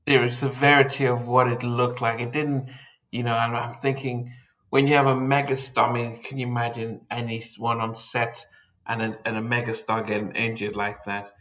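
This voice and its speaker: A man co-hosting a casual film review chat, soft-spoken and reflective, often stammering through repeated words. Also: medium pitch, little pitch movement, moderate pace.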